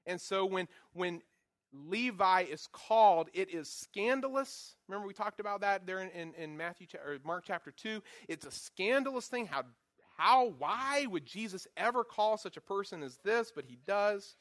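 Male Bible teacher, slightly high voice, playful lecturing with acted-out quotes. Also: moderate pace, dry recording, clean studio sound. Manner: animated, acts out quotes with voices; jokey, self-deprecating asides.

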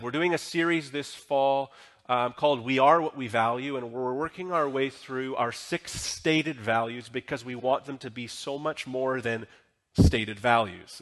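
A man's voice: mid-range voice, a bit bright. A male pastor preaching a sermon in a church, talking in a conversational way and often asking the congregation questions. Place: church sanctuary.

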